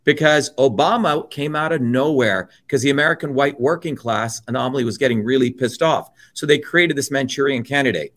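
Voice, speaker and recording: A man's voice: mid-range voice, fairly quick, hardly any pauses, a bit bright. A middle-aged man from India, an interview guest delivering a heated political monologue, blunt and profane, with mocking asides.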